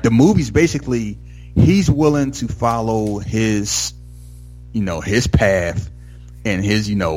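Low husky man rambling about a movie. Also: a little mellow. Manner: rambling, heavy use of "like" and "you know"; enthusiastic, acts out movie lines. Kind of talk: casual movie discussion.

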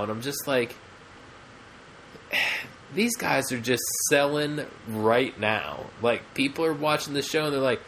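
Casual podcast man, slow and rambling, full of ums and restarts, faint noise behind. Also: mid-range voice, animated, a bit bright. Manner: rambling, many fillers and restarts. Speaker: podcast co-host. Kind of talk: casual chat.

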